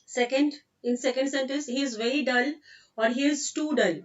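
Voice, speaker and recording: A woman's voice: high voice, steady tone, normal speed, recorded from a distance, dull audio. A woman with an Indian English accent teaching an online grammar lesson, explaining patiently and repeating example sentences.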